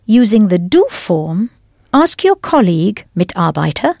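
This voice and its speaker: Woman teacher reading a language lesson, slow and clear, lively ups and downs, dry studio sound. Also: medium pitch, no echo. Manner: patient, deliberate explaining with model phrases. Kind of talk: scripted audio language lesson.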